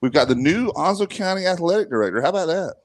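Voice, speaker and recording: A man hosting live sports radio talk from a high school football scrimmage, joking and bantering. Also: expressive, fast.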